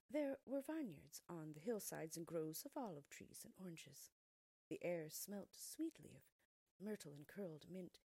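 A woman reads a fairy tale aloud in a husky, mellow voice, often sinking into a soft near-whisper. Her pitch swings widely and expressively. The recording is close and dry. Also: no echo. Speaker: storyteller.

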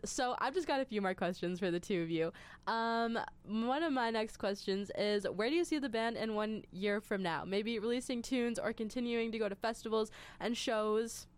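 A woman's voice: a little high, moderate pace, few pauses, clear, resonant tone. A woman hosting a casual radio interview, chatty and giggly, with lots of fillers. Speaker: radio host.

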